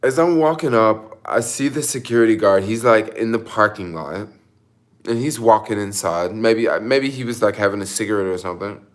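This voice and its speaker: In a casual storytelling vlog, a young man with a lowish voice recounts his delivery shift at a moderate pace. He's emotional, almost crying, and his telling is rambling and self-conscious, packed with fillers and restarts.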